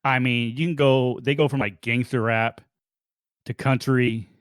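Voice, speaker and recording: A man's voice: mid-range voice, fairly even intonation, measured pace, clear, resonant tone, no echo, studio quality. A man co-hosting a true crime podcast, talking casually with an easygoing, hesitant manner. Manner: easygoing, hesitant, filler-heavy. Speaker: podcast co-host. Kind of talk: casual chat.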